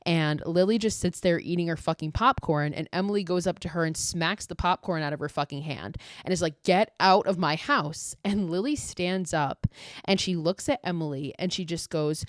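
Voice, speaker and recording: A young woman with a fairly low voice tells a horror movie's plot in a casual, animated way, swearing freely. Her voice is close and dry, with no room sound. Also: normal speed, dry recording. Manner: profane, animated storytelling. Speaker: podcast host.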